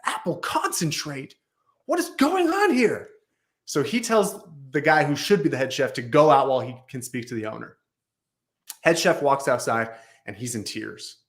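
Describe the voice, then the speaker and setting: A man speaking as a guest on a business talk show, telling a story with emphatic repetition. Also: medium pitch. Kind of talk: storytelling in conversation.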